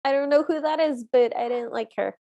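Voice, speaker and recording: A woman's voice: sits high, a little fast, dark tone, dull audio. A woman co-hosting a podcast in casual chat, earnest and openly opinionated about what she likes and dislikes. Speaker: podcast co-host.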